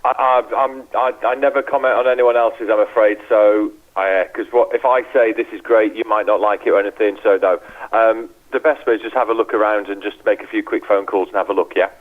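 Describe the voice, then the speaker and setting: A man's voice: fairly low pitch, steady tone. Man answering a hotel phone line. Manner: brisk, apologetic refusals. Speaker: hotel receptionist.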